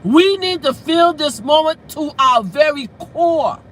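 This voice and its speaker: A woman's voice: high-pitched, takes it slowly, slight background noise, poor audio. Outspoken woman on a casual livestream. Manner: outspoken and animated, swears freely; breaks into laughter while storytelling. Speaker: livestream host. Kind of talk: casual live-stream talk.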